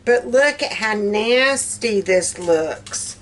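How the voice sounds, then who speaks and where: A Southern woman vlogging from her kitchen, talking in an unhurried, drawn-out way. Her tone is folksy and easygoing, and laughter keeps breaking into her chatter. A faint hiss of noise sits under her voice. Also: mid-range voice, expressive, a bit bright. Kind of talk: casual chatty vlog. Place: home kitchen.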